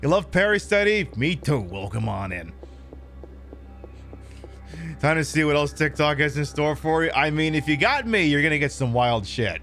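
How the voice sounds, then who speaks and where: A man's voice: fairly high pitch, soft background music. A man hosting a live stream, chatting casually and rambling while he plays a game. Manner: rambling, animated, drops into quick impressions. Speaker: streamer host.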